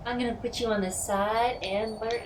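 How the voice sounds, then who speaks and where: A talkative woman chats casually on a live stream, teasing and joking with puns. Game music plays clearly behind her voice. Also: a little high, fairly even intonation, normal speed, distant mic. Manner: playful and joking, tells puns, chatty.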